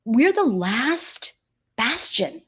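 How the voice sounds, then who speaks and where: A woman's voice: fairly high pitch, extremely slow, breathy edge. A woman hosting a live stream, speaking casually and emphatically while reading viewer comments and giving spiritual, energy-focused advice. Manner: animated and emphatic, acts out quoted voices.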